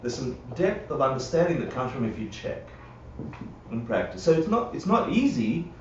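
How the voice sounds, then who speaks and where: A man's voice: mid-range voice, very animated, moderate pace, a little mellow, a little hiss or hum. A man teaching a live Buddhist class in a conversational way, often checking in with his listeners and acting out quotes. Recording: roomy, dull livestream audio from a distance.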